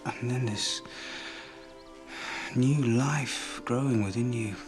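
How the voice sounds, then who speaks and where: An actor playing an earnest young Victorian husband, speaking softly and evenly. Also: male voice, mid-range voice, slow, close to an everyday voice. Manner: soft, even and earnest. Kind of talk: period TV drama acting. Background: clear music score.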